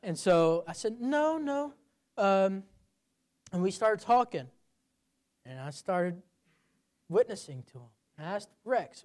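A man's voice: expressive, a little slow. Emphatic preacher man. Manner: builds to loud emphatic peaks, then drops low. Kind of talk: sermon.

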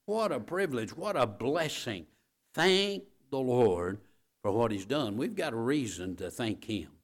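Man, preacher, sermon, emphatic, repeats phrases, speaks straight to the congregation, mid-pitched. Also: very animated, unhurried. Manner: emphatic, repeats key phrases, builds to loud peaks; talks straight to the congregation with asides like "all right?".

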